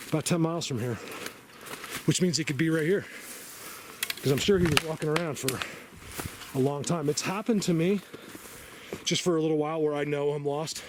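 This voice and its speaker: A man from New Jersey rambling casually as he films a walk through mountain woods, joking and talking to his viewers. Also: on the high side. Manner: rambling, chatty, joking asides. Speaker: bigfoot researcher vlogger. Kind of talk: walking vlog narration. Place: outdoors in mountain woods and a cave. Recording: noisy outdoor ambience.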